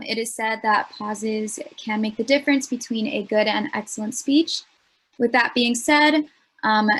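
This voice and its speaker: A young woman leads a speech workshop with an earnest, explanatory delivery. She fills her pauses with ums, and her voice sits a bit higher than most. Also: a bit bright. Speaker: student workshop presenter.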